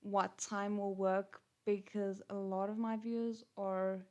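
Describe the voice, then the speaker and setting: A woman from Africa, chatting casually on a livestream, hesitant with many ums, her voice a little gruff. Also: mid-range voice, flat delivery, slow, a little mellow, dull audio. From South Africa. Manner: hesitant, many ums and restarts, thanks viewers. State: slightly gruff voice. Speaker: channel host on a livestream. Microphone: headphones and desk mic.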